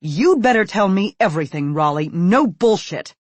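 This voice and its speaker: A man voicing an angry suburban mother who interrogates her teenage son, sharp and sarcastic. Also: sits high, big pitch swings, a little slow, no room sound, pitched above the performer's own voice, full character voice. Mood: furious.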